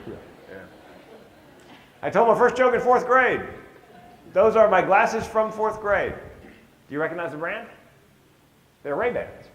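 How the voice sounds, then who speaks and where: Older man, stand-up comedian, wry storytelling talk, slightly high voice, echoey hall with long reverb. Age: 60s. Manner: conversational, wry, acts out quoted voices. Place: large hall with audience.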